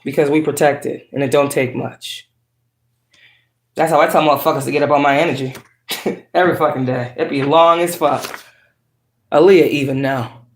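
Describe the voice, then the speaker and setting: A woman's voice: low-pitched, fairly even intonation, moderate pace, long pauses. A woman tarot reader chatting casually to her viewers, outspoken and profane. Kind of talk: casual tarot reading chat. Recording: roomy echo.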